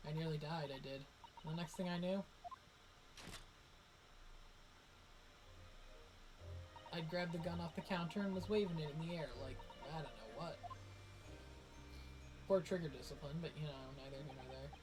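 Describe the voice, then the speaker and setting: Scrappy young Cockney pickpocket girl, rushed and breathless, read by a man, noisy mic. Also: fairly high pitch, natural voice. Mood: urgent. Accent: attempted Cockney.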